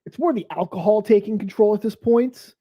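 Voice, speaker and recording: A man's voice: high voice, a little fast, lo-fi sound, a crowd in the background. A man hosting a reaction stream, ranting angrily and swearing, a little tipsy. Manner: angry, profane ranting. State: tipsy from beer. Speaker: stream host.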